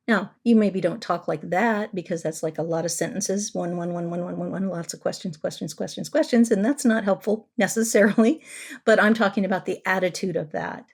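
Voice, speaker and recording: Middle-aged lady therapist, calm coaching podcast talk, repeats words to drive points home. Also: fairly low pitch, brisk, gravelly. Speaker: parenting therapist and podcast host. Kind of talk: solo podcast teaching.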